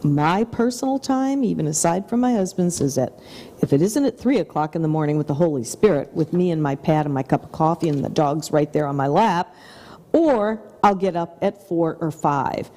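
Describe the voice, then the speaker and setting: A woman's voice: low voice, lively intonation, moderate pace, in a large hall. A middle-aged woman co-hosting a talk show, speaking in an effusive, upbeat motivational way. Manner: effusive and upbeat, with soft whispered asides. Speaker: TV show co-host.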